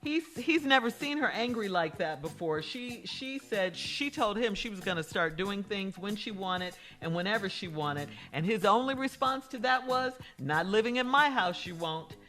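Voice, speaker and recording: A woman co-hosting morning radio, recapping a listener's letter and prompting the others for their take. Her voice is bright and clear, she laughs readily, and soft music runs behind her. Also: mid-range voice, expressive, moderate pace, hardly any pauses. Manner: laughs often, prompts co-hosts.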